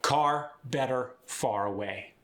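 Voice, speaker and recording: A male host teaching pronunciation in a relaxed, explanatory way, with an average-pitched voice. He demonstrates sounds and words one by one, and his tone is bright and forward. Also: takes it slowly. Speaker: accent coach and host. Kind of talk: pronunciation tutorial.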